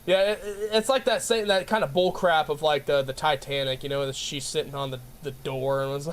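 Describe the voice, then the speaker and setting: A man's voice: on the high side, fairly even intonation, a little fast, few pauses, a little hiss or hum. A man chatting casually on a live stream, joking and ranting in a rambling way and laughing often.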